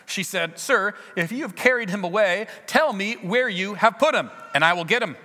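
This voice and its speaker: A man preaching a sermon in a church, retelling scenes with lively acted dialogue. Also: high-pitched, in a large hall. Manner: earnest storytelling, acting out scenes with shifts in loudness. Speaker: pastor.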